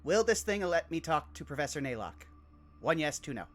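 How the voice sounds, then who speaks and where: A man's voice: fairly high pitch, big pitch swings, a little fast, faint music behind. A man in his thirties playing a tabletop game, casual and joking, with many fillers. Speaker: player.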